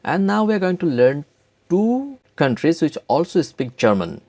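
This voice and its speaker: A man teaching a language lesson, speaking slowly and deliberately and repeating each word for learners. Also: fairly high pitch, big pitch swings, darkish tone. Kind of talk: slow spoken language lesson.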